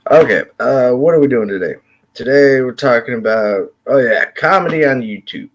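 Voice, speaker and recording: A man's voice: mid-range voice, lively intonation, normal speed. A man hosting his own video channel, chatting casually and rambling, with many fillers and the odd curse word. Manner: rambling, lots of fillers and swearing. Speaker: YouTube commentary host. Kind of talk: casual vlog chat.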